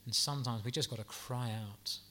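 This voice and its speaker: A man preaching a sermon in an earnest, gentle, pastoral way, with soft asides and the odd restart. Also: medium pitch, brisk, background noise.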